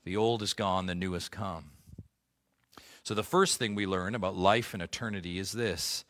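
A man preaching a sermon to his church, reading scripture and teaching, swelling to emphatic peaks and dropping to quiet lows. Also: normal speed. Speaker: pastor.

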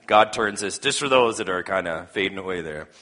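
Bright-voiced male pastor preaching. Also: low voice, expressive, fairly quick. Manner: earnest preaching, reading scripture aloud, rising for emphasis. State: coughing now and then. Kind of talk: sermon.

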